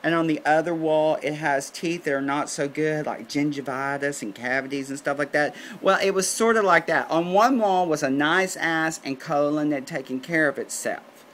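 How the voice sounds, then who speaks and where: A man spins a comic story in a campy, gossipy manner. His voice is bright and forward. He drifts into exasperated asides, and a faint hiss of noise sits under the recording. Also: on the high side, moderate pace, few pauses.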